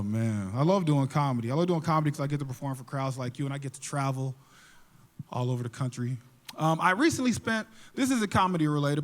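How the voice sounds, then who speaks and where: High-voiced stand-up comedian. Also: male voice. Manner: animated storytelling, jokey. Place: theater stage.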